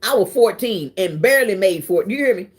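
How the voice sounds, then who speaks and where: Animated woman telling stories. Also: mid-range voice, a little fast, breathy edge. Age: 30s. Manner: animated, emphatic, swings into quoted voices. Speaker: vlogger. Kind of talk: casual storytelling chat.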